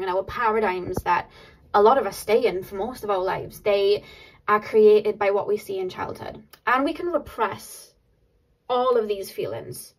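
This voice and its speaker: A woman giving a casual pick-a-card tarot reading to her viewers, excitable and laughing often between many filler words. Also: mid-range voice, low-quality recording.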